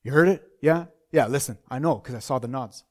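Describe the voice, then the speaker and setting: A man's voice: mid-range voice, fairly quick. A middle-aged man preaching a sermon in a conversational way, repeating phrases and asking rhetorical questions.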